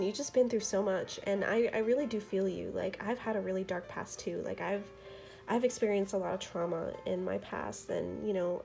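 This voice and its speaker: A young woman, a tarot reader, talking casually and earnestly to her viewers, with many fillers and soft laughs. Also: medium pitch, gravelly. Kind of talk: casual tarot reading vlog.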